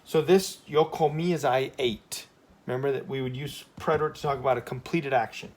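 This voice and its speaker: A man's voice: mid-range voice, fairly quick, darkish tone. A man teaching a Spanish grammar lesson in a casual classroom style, often checking in with "okay?" and correcting himself as he goes.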